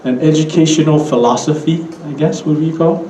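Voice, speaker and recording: Man, Hawaiian Pidgin accent, conference keynote, relaxed storytelling, roomy hall, faint ambience. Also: fairly high pitch, brisk, slight background noise. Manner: relaxed storytelling, laughs often, asides to the audience. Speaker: keynote speaker.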